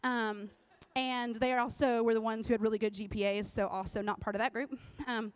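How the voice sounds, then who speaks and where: A woman giving a casual, conversational sermon, often checking in with the crowd with a quick "right?". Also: a little high, level tone, smooth, no room sound. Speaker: speaker at a church or youth service. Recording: dull, dry recording.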